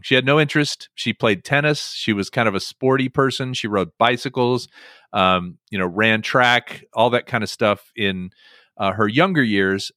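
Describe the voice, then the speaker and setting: Brief: male podcast host, bright and lively, fillers and restarts, dry close mic. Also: medium pitch, dry recording. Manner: animated storytelling with many fillers. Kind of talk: casual chat podcast.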